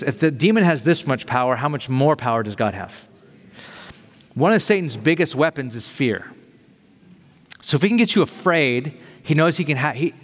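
A man pastor giving a sermon in an energetic, conversational way with casual slang. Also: mid-range voice. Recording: long reverb of a large hall.

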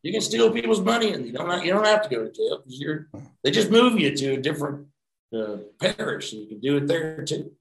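Gravelly, rambling storyteller man. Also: on the high side, a little fast, reverberant, poor audio. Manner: rambling, profane, animated anecdotes. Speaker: actor, interview guest. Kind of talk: casual storytelling interview.

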